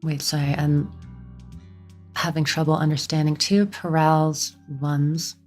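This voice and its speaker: Young canadian woman streaming, low voice, kinda flat, rambles with lots of like. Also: measured pace, faint music behind. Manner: rambling, lots of "like" and restarts, chats with viewers. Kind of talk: casual game stream chat.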